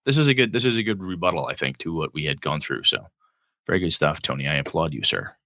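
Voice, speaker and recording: Lively, bright-voiced male podcast co-host. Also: rumbling low, quick pace, dry recording, studio quality. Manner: joking, laughs often. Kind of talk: casual chat.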